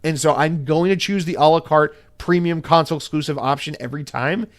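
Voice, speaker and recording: A man hosting a solo podcast, ranting in a profane, animated and opinionated way. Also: a little high, a little fast. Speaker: podcast host.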